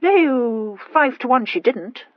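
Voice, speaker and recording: A woman voicing a tipsy, blustering young Regency viscount who talks loud and blunt. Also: high-pitched, expressive, measured pace, no echo, lo-fi sound, voice pushed up.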